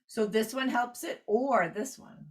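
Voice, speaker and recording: A woman's voice: fairly high pitch, measured pace. Woman teaching clarinet practice steps. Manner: explanatory, walks through steps while annotating. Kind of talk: online workshop lesson.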